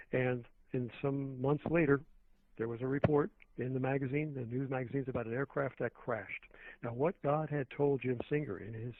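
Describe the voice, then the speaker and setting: A man's voice: medium pitch, no echo. A man, a radio show guest, talking earnestly and at length, with many restarts, over a phone line. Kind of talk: phone-in talk radio conversation. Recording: tinny phone line, dry.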